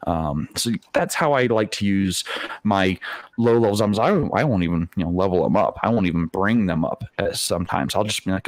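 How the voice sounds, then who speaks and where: A man on a podcast panel, explaining his game-running tactics in a casual, animated way with frequent restarts. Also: on the low side, fairly quick, dry recording. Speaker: dungeon master panelist.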